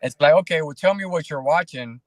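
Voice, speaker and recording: A man in casual podcast conversation as a guest, talking in an animated, preachy way and acting out quoted voices. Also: fairly high pitch, brisk.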